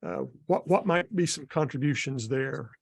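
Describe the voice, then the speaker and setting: A man's voice: mid-range voice, normal speed, vocal fry, no echo, clean studio sound. A man interviewing a guest, politely reframing audience questions with some fillers.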